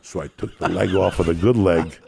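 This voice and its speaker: A man's voice: sits low, steady tone, fairly quick, gravelly, darkish tone, a little hiss or hum. A man, a stand-up comedian, telling crude, profane stories on a podcast and laughing at his own jokes.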